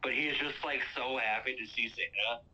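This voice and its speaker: Bright-toned man rambling through a movie recap. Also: mid-range voice, steady tone, moderate pace. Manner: rambling, fills with um and uh. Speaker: podcast host. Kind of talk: casual movie recap chat. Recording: lo-fi muffled sound.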